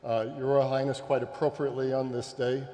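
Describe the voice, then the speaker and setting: A man's voice: medium pitch, little pitch movement, brisk, warm tone. A man moderating a forum panel, polite and formal, thanking the speakers. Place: large conference hall. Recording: hall reverb, faint ambience.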